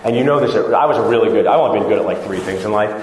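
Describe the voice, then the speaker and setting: In a large, echoey lecture hall with long reverb, a dentist gives a casual, joking conference talk to dental students, acting out conversations with patients. His voice sits on the low side and comes out rapid-fire, with a little hiss or hum in the recording.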